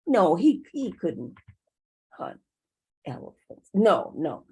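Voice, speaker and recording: A woman's voice: on the low side, very animated, slow, warm tone, slightly rough, full character voice. A woman voicing a proud, hungry male leopard who grumbles in a storybook telling. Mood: grumbling.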